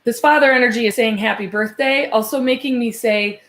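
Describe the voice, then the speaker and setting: A woman working as a psychic medium, giving a live reading, hesitant and searching with many fillers and restarts, turning soft and slow when she passes on messages. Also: fairly high pitch.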